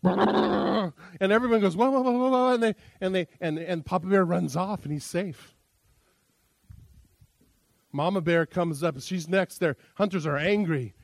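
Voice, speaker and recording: High-voiced pastor, easygoing sermon. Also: male voice, moderate pace, vocal fry, pauses often, dry recording. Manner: loose, conversational, self-amused. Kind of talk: casual sermon with a joke.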